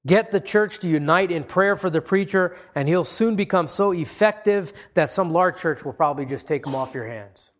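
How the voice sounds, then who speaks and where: A man's voice: high voice, normal speed, few pauses. Man preaching an earnest sermon. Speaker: pastor.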